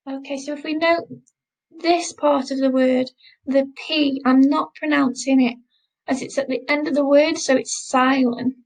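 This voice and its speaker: A woman teaching a recorded French lesson, modelling words slowly and repeating them for learners to copy. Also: sits high, fairly even intonation, rough recording. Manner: slow, careful pronunciation drills, repeating words.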